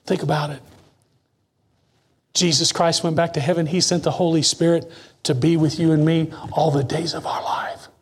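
A man delivers a sermon in a fairly high voice. He rises to emphatic lines, then drops to near-whispered asides. He reads scripture slowly and deliberately. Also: little pitch movement, slightly rough. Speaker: preacher.

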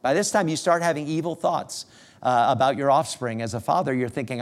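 A middle-aged man preaching a sermon as a pastor, telling a family story with gentle humor and lively rises and falls. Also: mid-range voice, brisk. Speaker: pastor becoming missionary.

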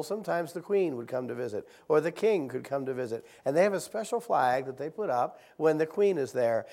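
A middle-aged man preaching a sermon, leading his congregation in call-and-response Bible reading and rising from soft-spoken asides to loud, emphatic exhortation. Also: on the high side. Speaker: visiting preacher. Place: church sanctuary.

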